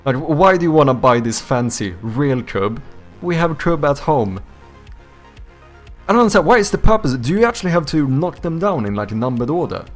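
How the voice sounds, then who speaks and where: A man's voice: on the high side, sing-song, fairly quick, faint music behind. A young man streaming live from home, chatting casually with his viewers, reading their messages aloud and answering them, swearing freely and breaking into laughter often. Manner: reads out and answers viewer chat. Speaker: streamer and game developer.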